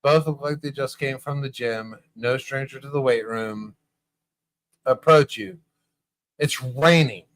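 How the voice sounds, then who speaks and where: A man's voice: medium pitch, a little slow, fairly bright tone, no echo. Profane, storytelling man hosting a bar chat. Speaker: podcast host. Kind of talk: casual bar-show banter.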